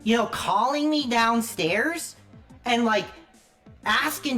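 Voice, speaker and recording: A man ranting angrily on a livestream, profane and shouting at times. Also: very high voice, expressive, takes it slowly, faint music behind. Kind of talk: angry livestream rant.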